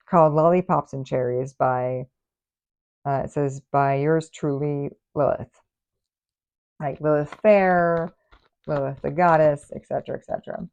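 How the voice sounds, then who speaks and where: A woman's voice: sits low, vocal fry, mellow, dull audio. A woman giving a casual tarot reading, sassy and exasperated in her asides. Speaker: tarot reader.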